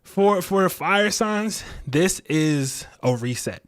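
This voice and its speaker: A man hosting a livestream tarot and astrology reading in a casual, chatty way, joking at his own expense and filling pauses with "like" and "um". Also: sits high, lively intonation. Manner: chatty and playful, laughs at himself, many fillers.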